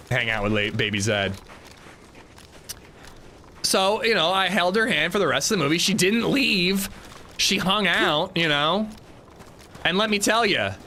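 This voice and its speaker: Animated man telling a story on stream. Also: sits high, slight background noise. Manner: animated storytelling, laughing, reading chat aloud. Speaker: livestreamer. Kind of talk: casual streaming chat.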